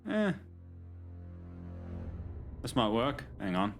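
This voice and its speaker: Male streamer, playful casual chat, mid pitch, lively intonation. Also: extremely slow, soft background music. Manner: chatty, joking with chat, lots of restarts.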